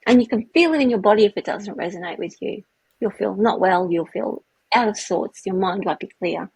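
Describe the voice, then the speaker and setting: A woman with a very husky, breathy voice co-hosts a relaxed podcast, talking things through reflectively and agreeing often. Her pitch is ordinary for a woman. The sound is dry and close, with no room echo. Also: brisk. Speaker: podcast co-host. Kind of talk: casual chat.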